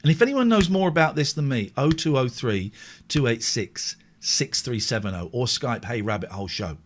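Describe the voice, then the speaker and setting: A man hosting a late-night live-stream show, chatting casually in a rambling, animated way and often correcting himself. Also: medium pitch, moderate pace.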